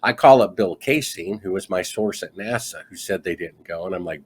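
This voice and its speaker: A middle-aged man with a fairly low voice talks as a guest in a conversational interview. He tells his story with energy, acts out what people said and slips into a livelier delivery as he goes. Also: fairly quick, hardly any pauses, slightly rough. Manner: animated storyteller acting out quoted dialogue. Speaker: guest author.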